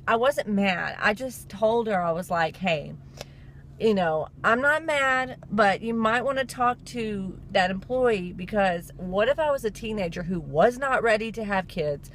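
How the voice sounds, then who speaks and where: A woman's voice: a little high, a bit bright, slight background noise. A young woman with a stuffy nose, rambling through a story in a casual vlog and laughing along the way. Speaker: vlogger.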